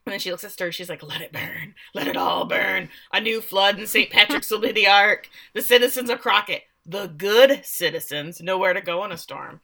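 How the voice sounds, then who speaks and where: A woman's voice: medium pitch, brisk, hardly any pauses. A woman co-hosting a podcast, animatedly recapping a TV episode and acting out characters' lines. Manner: animated, laughs often, acts out characters' lines. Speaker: podcast co-host recapping a show. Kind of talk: casual chat.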